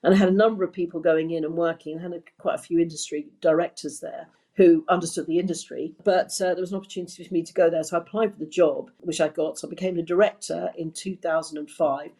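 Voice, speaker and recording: A woman's voice: fairly low pitch, fairly even intonation, quick pace, hardly any pauses, warm tone. An older woman with a Kentish accent, a podcast guest chatting through her career in rambling, story-filled answers with frequent restarts. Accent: Kentish English. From England. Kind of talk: conversational interview storytelling.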